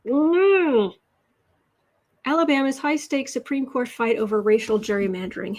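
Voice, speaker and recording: A woman's voice: fairly high pitch, normal speed, a little mellow. An American woman hosting a casual political livestream, reading headlines aloud and reacting with exasperation. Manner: exasperated, reads headlines aloud, coos to her cat. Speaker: livestream host.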